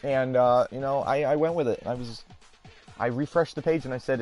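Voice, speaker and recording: A man's voice: medium pitch, a little fast, a little mellow, soft background music. A man hosting a gaming video, telling a story in a rambling, exasperated way and swearing casually. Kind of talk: casual storytelling over gameplay.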